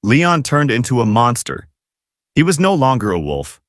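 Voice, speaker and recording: A man's voice: mid-range voice, big pitch swings, normal speed, no echo, studio quality. A man narrating a romance novel audiobook in the first person, with dramatic, emotive storytelling.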